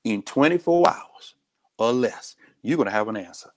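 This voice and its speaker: Guy, sheriff being interviewed, blunt and earnest, mid-pitched voice. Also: expressive, moderate pace. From United States. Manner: direct, earnest storytelling. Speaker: county sheriff, guest. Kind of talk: candid interview talk.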